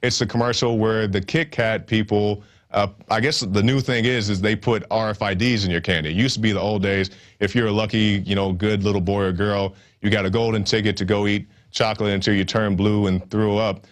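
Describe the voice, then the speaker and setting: A man's voice: fairly low pitch, steady tone, brisk, few pauses. A man hosting a news show, giving sarcastic, rambling commentary with many fillers. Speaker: news host.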